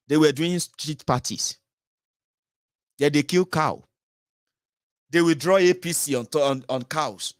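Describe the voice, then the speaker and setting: A man's voice: on the high side, takes it slowly, long pauses, dry recording, studio quality. A middle-aged Nigerian man giving sardonic political commentary in a casual vlog, mixing in pidgin and Yoruba phrases.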